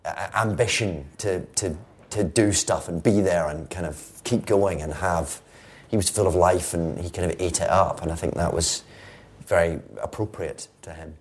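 A man's voice: low voice, normal speed. A Scottish man, a guest actor, talking reflectively and wryly in a casual interview. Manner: reflective, wry and playful.

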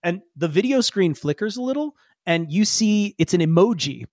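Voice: medium pitch, lively intonation, moderate pace, darkish tone, no echo. Chatty game master, dry close sound. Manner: chatty, explains with many fillers. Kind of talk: narrating a tabletop game.

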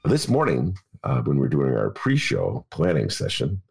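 An older man from Chicago hosting a casual political talk show, rambling, laughing often and breaking into loud outbursts. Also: very deep voice, wildly swooping pitch, moderate pace, vocal fry, slightly rough. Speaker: podcast host.

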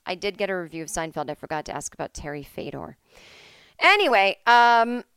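Smooth-voiced woman chatting solo at home. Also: fairly low pitch, no echo. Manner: animated, sarcastic, rambling asides. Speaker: podcast host. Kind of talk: solo casual chat.

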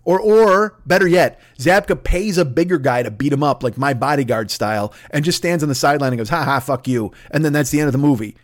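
A man rants through a solo comedy podcast, swearing constantly and rambling from tangent to tangent. His voice sits somewhat high for a man, and his exasperation keeps pushing it upward. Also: animated, fast talker, hardly any pauses. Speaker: podcast host.

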